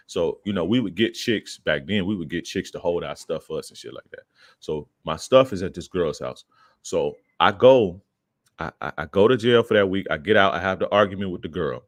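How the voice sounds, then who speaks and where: A man's voice: low voice, expressive, brisk, no echo, studio quality. A young man, a podcast guest, casually telling a profane street story and acting out the quoted lines in a raised voice.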